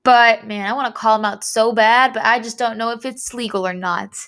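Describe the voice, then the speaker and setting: Woman podcast host, higher voice; blunt, heated personal storytelling with plenty of swearing. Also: fairly even intonation, a bit bright. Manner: retells dialogue in quick back-and-forth.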